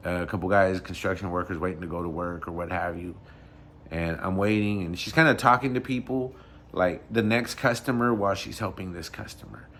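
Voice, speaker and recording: A man from Michoacán, Mexico, vlogs a story in a casual, animated, conversational way, often correcting himself as he goes. His voice is on the low side, with slight background noise.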